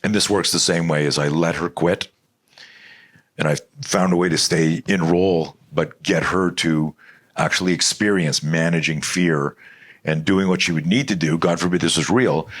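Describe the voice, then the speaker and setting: Deep-voiced middle-aged man, rambling animated storyteller, lots of restarts and swearing. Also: normal speed. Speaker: self-defense expert guest. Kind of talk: storytelling interview talk.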